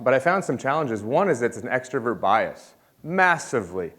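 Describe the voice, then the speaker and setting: Guy doing a conference keynote, upbeat and jokey, chats with the crowd. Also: mid-range voice. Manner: energetic, jokey, interacts with crowd. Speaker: conference speaker. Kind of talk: keynote talk to an audience.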